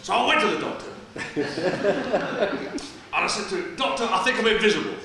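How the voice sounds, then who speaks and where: A man's voice: high-pitched, expressive, fairly quick. An actor playing a famous joking male stage comedian, firing off gags with a chuckling laugh in a stage play. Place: small studio theatre stage. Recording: roomy theatre sound from far off, music.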